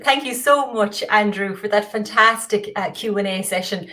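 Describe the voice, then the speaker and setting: A woman hosting a formal event, speaking warmly and thanking the speakers. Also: medium pitch, moderate pace. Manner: warm, thankful. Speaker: event host.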